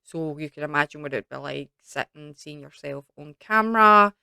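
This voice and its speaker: A woman's voice: sits low, animated, moderate pace, vocal fry, bright, forceful tone, clean tone, dry recording. A young woman with a Scottish accent chatting casually to camera in a Q&A, rambling with lots of fillers. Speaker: YouTube creator.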